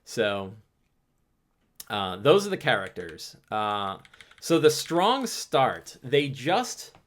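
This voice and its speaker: A man's voice: medium pitch, sing-song, very slow, a bit bright. A man hosting a live stream, answering chat questions in a loose, rambling way with many restarts. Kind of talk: casual livestream talk.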